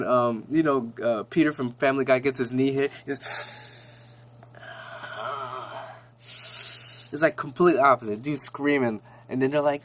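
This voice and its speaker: A man's voice: mid-range voice, a bit bright. A man casually recapping a TV episode in a rambling, slangy way with lots of restarts.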